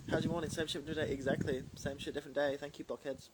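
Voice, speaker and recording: In a slightly high, level voice, a young man talks rapid-fire with hardly any pauses on a very noisy recording. A drag performer, he's casually answering fan questions from the live comments on his stream, full of fillers and rambling tangents.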